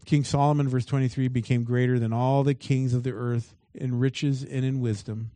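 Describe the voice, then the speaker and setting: A man's voice: mid-range voice, level tone, normal speed, mellow, no echo. A man preaching a sermon as pastor. He reads scripture aloud and breaks off into emphatic asides.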